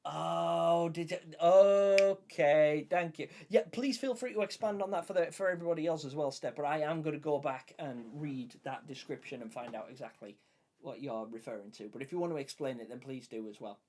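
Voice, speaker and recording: Guy hosting a live stream, kinda high voice, chatty and excited, talks to chat. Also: quick pace, slight background noise. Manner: chatty, enthusiastic, reads and answers chat. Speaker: livestream host.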